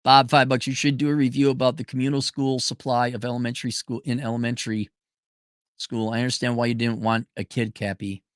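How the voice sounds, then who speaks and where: A man hosting a casual livestream, talking bluntly and emphatically, jumping between loud declarations and low muttered asides as he reads viewer messages. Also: little pitch movement, brisk, dry recording, clean studio sound. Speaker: livestream host reading super chats.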